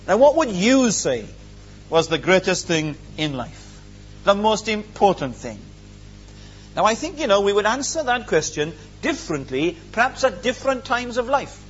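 A man's voice: sits high, big pitch swings, normal speed, lo-fi sound, soft background music. A man preaching a sermon, earnest and emphatic, with many rhetorical questions.

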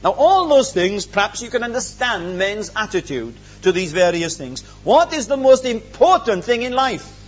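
A man's voice: sits high, big pitch swings, normal speed, hardly any pauses, highs cut off, faint music behind. A man preaching a sermon, earnest and emphatic, with many rhetorical questions.

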